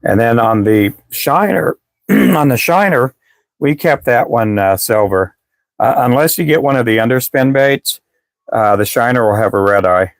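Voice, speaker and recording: A man's voice: mid-range voice, lively intonation, a little slow, dry recording. A man hosting a casual live stream, chatting with viewers in a rambling way and often restarting his sentences, and he says he is losing his voice. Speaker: live stream host selling fishing lures.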